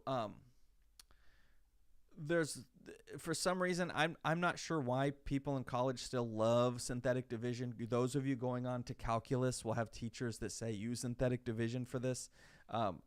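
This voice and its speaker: Male college math instructor, relaxed lecturing, gravelly and smooth tone, dry close recording. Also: medium pitch, no echo. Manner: chatty, digressive, rhetorical questions. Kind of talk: live online lecture.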